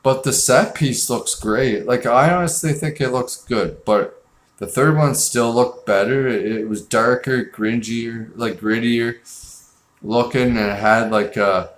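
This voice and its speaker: Man, casual film review host, rambling and blunt, slow unhurried delivery, echoey room. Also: medium pitch. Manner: rambling, blunt and profane, heavy with fillers.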